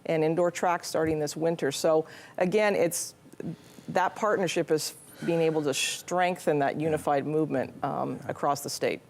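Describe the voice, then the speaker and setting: A woman's voice: low-pitched, fairly even intonation, normal speed, darkish tone, slight background noise. A middle-aged woman, a nonprofit leader, answering interview questions earnestly with frequent restarts. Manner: earnest, many restarts and fillers. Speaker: nonprofit CEO, guest.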